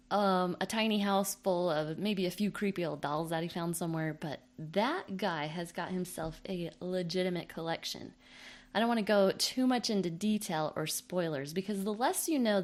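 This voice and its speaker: A woman hosting a comedic podcast, reading listener mail in a playful, jokey, self-mocking way. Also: fairly low pitch. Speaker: podcast host.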